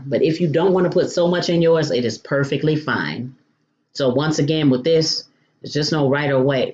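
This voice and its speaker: Chatty woman cooking-show host, lo-fi sound. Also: deep voice. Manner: chatty, sprinkles in endearments like honey and baby; playful food exclamations. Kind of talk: home cooking demonstration.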